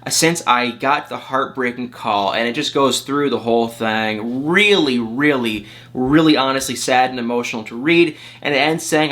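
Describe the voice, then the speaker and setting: A man's voice: on the high side, big pitch swings, normal speed, pushed and bright. A young man hosting a casual celebrity gossip video, talking emotionally and with lots of emphasis straight to his viewers. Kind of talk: casual reality TV gossip commentary to camera.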